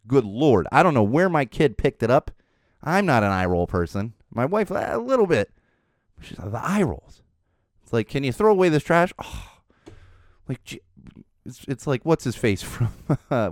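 Chatty man with a lively, lowish voice. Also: no echo, clean studio sound. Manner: chatty, joking, self-deprecating asides. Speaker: podcast host. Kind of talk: casual chat.

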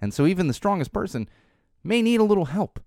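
A man's voice: high-pitched, sing-song, quick pace, a little mellow, dry recording, clean studio sound. A man hosting a casual solo podcast, rambling with a wry tone and restarting his sentences often. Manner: rambling, wry, repeats words while restarting. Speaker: podcast host.

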